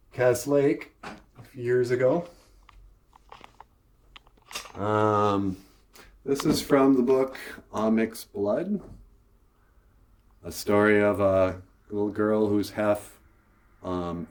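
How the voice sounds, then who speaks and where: A cartoonist with an Ojibwe reservation accent, giving a casual, rambling studio tour with jokes and lots of fillers. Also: male voice, on the low side, a little mellow. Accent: Ojibwe reservation English. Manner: rambling, joking, with many fillers. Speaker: show creator and cartoonist.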